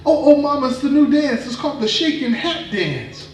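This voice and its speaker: A man voicing Anansi, a mischievous and greedy young spider boy, in a high, excited and pleading voice. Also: normal speed, lightly acted. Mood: nervous, excited. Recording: echoey room from a distant mic.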